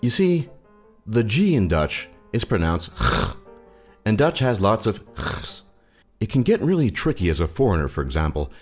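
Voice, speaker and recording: A man with a low voice reads scripted narration, and his pitch rises and falls a lot as he goes. He keeps a wry, joking tone, and soft music plays quietly behind him. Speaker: narrator of a list video.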